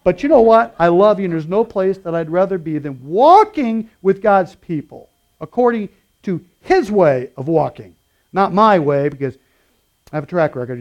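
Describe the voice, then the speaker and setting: A middle-aged man preaching in a relaxed, storytelling way, his voice sitting notably high for a man. He jumps from punchy, raised emphasis to soft, almost muttered asides. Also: muffled recording. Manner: casual storytelling with lively swings between loud and quiet. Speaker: pastor. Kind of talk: sermon.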